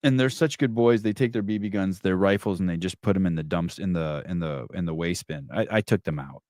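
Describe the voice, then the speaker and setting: A middle-aged man with a lowish voice tells a story as a podcast host, swearing freely and getting animated. His voice sounds close and dry, with no room around it. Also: fairly quick, no echo. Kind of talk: casual storytelling and reading comments.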